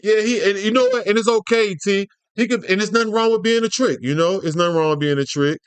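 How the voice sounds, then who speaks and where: High-voiced, profane male commentator. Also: fast, clean tone, no room sound. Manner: loose, profane, joking slang. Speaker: YouTube commentator. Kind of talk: casual reaction commentary.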